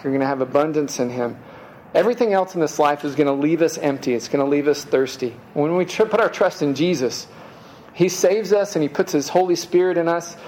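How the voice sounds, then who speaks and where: A man preaching in a relaxed, chatty way with a somewhat high voice. He sprinkles in quick asides and often trips back over a word before pressing on. A faint hum sits behind him. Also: rough recording. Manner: casual conversational preaching, frequent "man" and "right?" asides; repeats words while restarting. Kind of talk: sermon.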